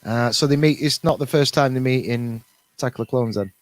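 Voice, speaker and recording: A man's voice: mid-range voice, brisk, dry recording. A man co-hosting a casual podcast chat, reading out viewer comments in a jokey, self-mocking way.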